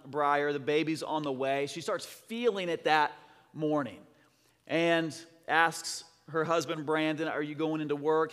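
A man preaching a sermon, telling a story in an excitable, rambling way with many restarts. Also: fairly high pitch. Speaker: pastor. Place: church sanctuary. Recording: long church hall reverb.

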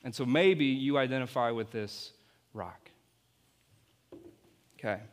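A man's voice: medium pitch, slow pace. A man, apparently a youth pastor, giving an object-lesson sermon and playfully coaching volunteers on stage. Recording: long hall reverb.

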